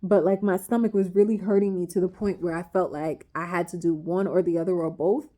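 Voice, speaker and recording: A woman's voice: lowish voice, brisk. A woman in her thirties, a vlogger, animatedly retelling a personal story in casual chat, with lots of "like"s. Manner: animated, dramatic retelling with many "like"s.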